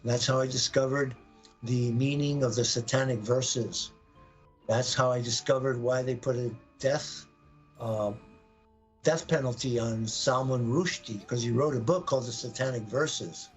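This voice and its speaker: A man telling an intense personal story on a live podcast, acting out his own words and the words of others with sudden jumps in pitch. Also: measured pace, faint music behind, poor audio. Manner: animated, acts out quoted voices with sudden pitch jumps.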